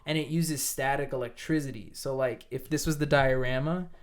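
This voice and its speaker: Dude rambling on a podcast, lots of like and uh, cusses casually. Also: male voice, medium pitch, fairly even intonation, moderate pace. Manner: rambling, lots of fillers and swearing. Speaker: podcast co-host; teacher. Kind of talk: casual chat.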